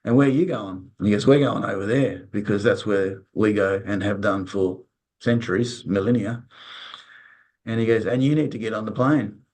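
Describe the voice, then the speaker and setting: A man's voice: on the low side, normal speed, a little mellow. A man in an interview, telling stories in a rambling, casual way, repeating words and acting out quoted dialogue. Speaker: interview guest, resilience consultant.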